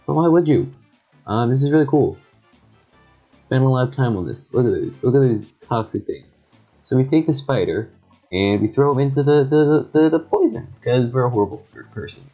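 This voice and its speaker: A young man giving casual, joking gameplay commentary with quick excited reactions and sarcastic asides. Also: mid-range voice, muffled recording. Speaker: gaming YouTuber. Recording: faint background music.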